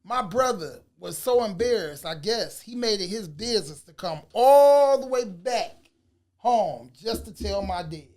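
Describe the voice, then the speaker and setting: Animated man telling a story. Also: measured pace. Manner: animated, slangy, swings from low mutters to loud bursts. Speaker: vlogger. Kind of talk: casual storytelling.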